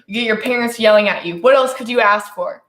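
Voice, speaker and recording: A woman's voice: a little high, quick pace. A young woman co-hosting a podcast, playful and quizzing her friend in casual banter. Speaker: podcast co-host. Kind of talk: casual chat. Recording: echoey room.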